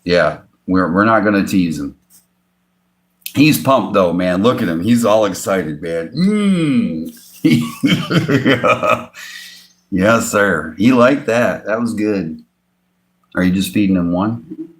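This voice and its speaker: A man hosting a casual livestream from his home beside a fish tank. He chuckles often and coos at his pet fish in sudden high bursts. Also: lively intonation, takes it slowly, long pauses. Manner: chuckles often between remarks. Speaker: fishing channel host.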